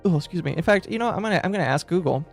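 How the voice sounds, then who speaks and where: A woman streamer with a fairly low voice and lively intonation talks rapid-fire to her live chat, rambling, repeating herself, and laughing often. The recording is a dry close mic with background music.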